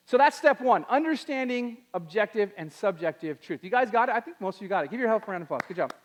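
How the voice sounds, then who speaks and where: A young man giving an animated talk to a youth audience, acting out quotes in put-on voices. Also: high-pitched, quick pace, hardly any pauses. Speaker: youth speaker.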